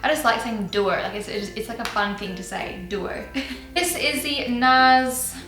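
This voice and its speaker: A bubbly young woman with a bright, lively voice pitched a little high chats and giggles through a casual vlog. She sounds like she is in a roomy, echoing space at home. Soft music plays faintly behind her. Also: unhurried. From Australia. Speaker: beauty vlogger. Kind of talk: casual chat.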